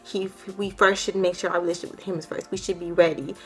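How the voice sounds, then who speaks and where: A woman's voice: lowish voice, fairly even intonation, fast. A young woman giving an emotional personal testimony, earnest and heartfelt, with many casual fillers. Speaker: vlogger sharing her testimony.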